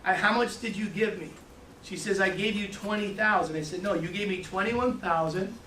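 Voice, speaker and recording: A man giving an animated training talk to a room, storytelling and repeating his words. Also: high voice, moderate pace, a little hiss or hum. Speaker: financial services trainer. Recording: echoey room from far off.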